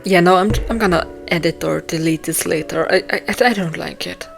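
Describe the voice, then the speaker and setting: Soft music plays behind this novelist's brisk, gravelly, fairly low voice, which stays fairly even in intonation. She's a young woman writing live and musing casually as she goes, self-deprecating and meandering, stumbling over ums and fresh starts as fatigue creeps in.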